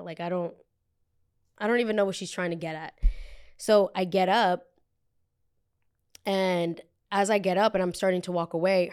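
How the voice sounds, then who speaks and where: A woman's voice: medium pitch, a little mellow. A woman in her twenties hosting a podcast, telling a story casually and acting out what others said in raised voices. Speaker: podcast host.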